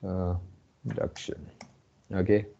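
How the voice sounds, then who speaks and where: Male instructor with Indian English accent, slow repetitive delivery, lo-fi online class sound. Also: deep voice, level tone, creaky, dark tone. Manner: slow, repeats phrases often. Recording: muffled lo-fi audio.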